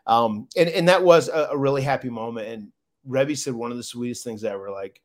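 A man's voice: medium pitch, a little fast. A man guest in an interview, recalling a big moment with emotion, rambling and restarting often. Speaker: guest, former wrestler. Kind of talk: casual interview storytelling.

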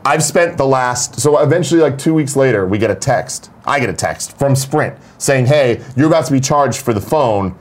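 A man's voice: medium pitch, lively intonation, normal speed, hardly any pauses. A young adult man co-hosting a casual morning show, telling a story and acting out the quoted lines in different voices. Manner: acts out quoted dialogue in shifting voices. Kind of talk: casual chat, animated storytelling.

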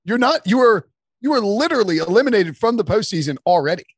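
A man guesting on a sports podcast, chatting casually and laughing often, with quick asides. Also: high voice, lively intonation, slightly rough, no room sound, clean studio sound.

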